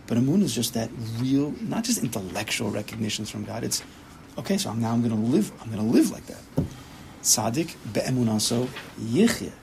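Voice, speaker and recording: A rabbi leads a Torah class in a gravelly, creaky voice of medium pitch, sing-song and fairly quick with a slightly mellow tone, driving his points home. He repeatedly voices little imagined inner thoughts to build his case, over a rough recording with a faint hiss underneath.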